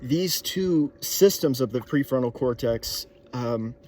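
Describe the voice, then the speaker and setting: A man's voice: medium pitch, animated, slow, darkish tone. Man musing aloud with many fillers. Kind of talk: casual musing monologue.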